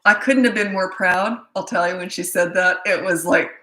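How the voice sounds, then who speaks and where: A woman's voice: fairly low pitch, normal speed, pushed and bright, reverberant, poor audio. A woman parenting coach answering questions in a blunt, chatty way that often breaks off mid-thought. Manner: blunt, chatty, self-interrupting. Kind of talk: casual live Q&A.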